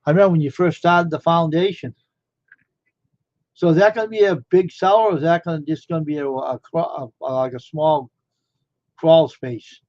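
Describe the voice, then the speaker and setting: A man's voice: a little high, moderate pace, darkish tone, no room sound. Rambling, amazed man with a dull lo-fi sound. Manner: rambling, amazed, asking many questions. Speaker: live streamer. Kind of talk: casual live-stream chat.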